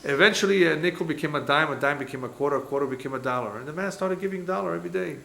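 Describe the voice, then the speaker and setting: A man teaching as a rabbi, telling stories in an animated way and acting out the dialogue as he lectures. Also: a little high, very fast, creaky. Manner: animated storyteller, acts out quoted dialogue. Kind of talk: lecture with storytelling. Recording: echoey room, faint background noise.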